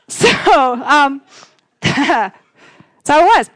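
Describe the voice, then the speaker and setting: A woman's voice: high-pitched, slow pace, pauses often. Frank woman sharing a testimony. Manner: frank, self-deprecating, acts out dialogue. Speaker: youth pastor. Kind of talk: candid personal testimony talk.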